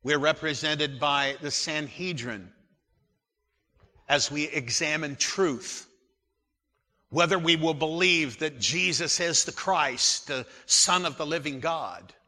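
A man in his sixties preaches from the pulpit, his voice bright and slightly high. He takes his time, earnest and deliberate, and the sound rings out with the long reverb of a church sanctuary. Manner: earnest, unhurried preaching with scripture reading. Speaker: pastor. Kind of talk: sermon.

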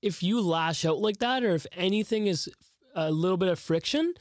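A man's voice: high-pitched, normal speed, no echo, studio quality. A man on a casual podcast panel, chiming in bluntly with heavy swearing and frequent laughter.

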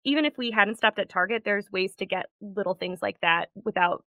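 Young woman guest, bright, dry-sounding voice, chatty storyteller. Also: mid-range voice, brisk, no echo. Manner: chatty storytelling with frequent laughs. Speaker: podcast guest. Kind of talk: casual chat.

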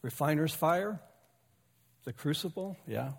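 A man preaches a sermon in a friendly, folksy manner, mixing teaching with jokes and asides to people in the pews. His voice sits a little high for a man. The sound carries the long reverb of a church sanctuary. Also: expressive, unhurried, creaky, slightly rough. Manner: folksy and conversational, with humor and asides to the congregation. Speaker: pastor.

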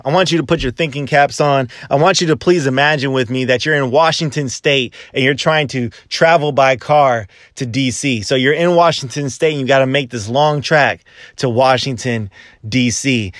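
A man's voice: mid-range voice, dry recording, clean studio sound. A man preaching a sermon, emphatic, with rhythmic lists and repetition.

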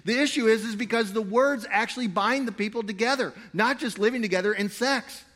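A man preaching a sermon to a live congregation. He swings between loud, emphatic stretches and quiet asides, and he jokes with the crowd. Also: high voice, fairly quick. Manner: playful, jokey with the crowd. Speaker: pastor.

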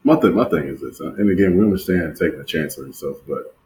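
Deep-voiced slangy male co-host. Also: quick pace, darkish tone, a little hiss or hum, poor audio. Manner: slangy, emphatic, repeats phrases for effect. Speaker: podcast co-host. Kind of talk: casual podcast chat.

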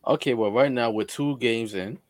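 A man's voice: medium pitch, normal speed, dry recording. A man co-hosting a casual sports podcast, loose and teasing, throwing in some swearing. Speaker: podcast co-host.

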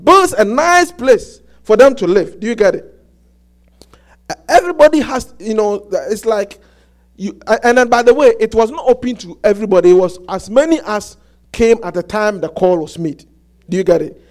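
A male pastor preaching a sermon, animated and repetitive, often stopping to ask the congregation if they follow him. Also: sits high. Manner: repetitive, asks the congregation "Do you get it?"; halting restarts, animated storytelling.

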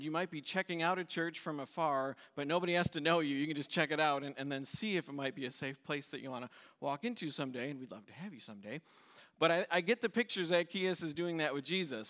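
A man preaching a sermon as pastor, in a conversational way, acting out the quoted lines with shifts in pitch and volume. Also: fairly bright tone, in a large hall.

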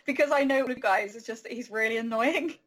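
A woman's voice: a little high, fairly quick, a bit bright. A woman co-hosting a casual podcast chat, joking in a self-deprecating way. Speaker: podcast co-host.

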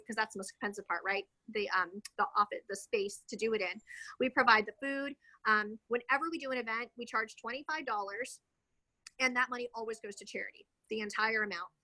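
A woman's voice: a little high, bright, forceful tone, poor audio. A woman in her thirties, a real estate agent guest, talking casually in an interview, chatty and rambling with many fillers.

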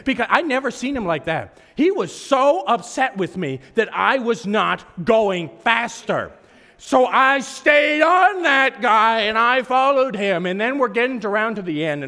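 A hoarse man preaching a sermon, telling a story in an animated, self-mocking way and laughing often. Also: high-pitched, normal speed. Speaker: pastor. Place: church service hall. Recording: echoey hall reverb.

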